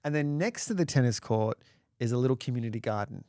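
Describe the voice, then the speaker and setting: A man, co-hosting a parenting podcast and telling a story in a casual, animated way, acting out quotes, laughing and swearing. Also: mid-range voice, quick pace, no room sound, studio quality. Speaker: podcast co-host, dad.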